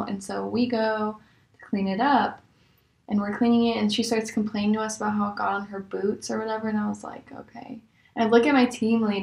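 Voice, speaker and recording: A young woman tells her stories casually in a mid-pitched voice, animated and exasperated. Her voice leaps high when something shocks her. The room around her is echoey. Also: vocal fry. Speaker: vlogger. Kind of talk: casual storytelling.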